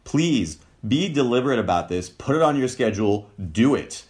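A man giving informal advice about relationships over a video call, talking in an animated way and acting out sample lines in different tones. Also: mid-range voice, moderate pace. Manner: animated, acts out sample quotes in changing tones. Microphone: video call mic.

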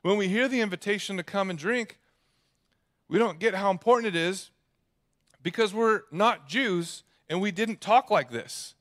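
A man's voice: sits high, normal speed, fairly bright tone. A young man preaching a sermon in a conversational, joking manner. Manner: conversational, jokey preaching with acted asides. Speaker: pastor.

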